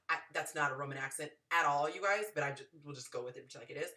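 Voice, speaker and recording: Low-pitched lively woman storyteller. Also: quick pace, recorded from a distance. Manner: animated, acts out the people in her stories. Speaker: podcast host giving dating advice. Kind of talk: casual storytelling advice.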